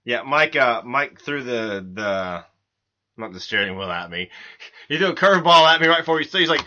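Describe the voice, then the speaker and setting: A man's voice: mid-range voice, lively intonation, normal speed, pushed and bright, no room sound. Rambling joking podcast host man. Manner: rambling, joking, many fillers and restarts. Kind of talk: casual podcast banter. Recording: muffled lo-fi podcast audio.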